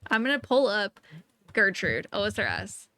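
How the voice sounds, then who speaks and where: A woman's voice: mid-range voice, very animated, sharp tone. A young woman co-hosting a podcast in casual, playful chat, laughing often and jumping between tangents. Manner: playful, giggly, quick tangents. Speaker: podcast co-host.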